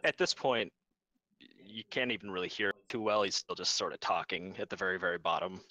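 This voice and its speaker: A man with a low, bright voice narrates a tabletop game as game master. He describes each scene loosely, stopping often on fillers. His delivery is casual and unscripted. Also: brisk, poor audio.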